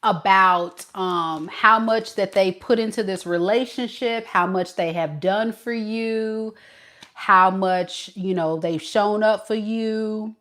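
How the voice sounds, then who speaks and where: Woman doing a tarot reading, super chatty and animated, talking right to the viewers. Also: medium pitch, slow. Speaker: tarot reader.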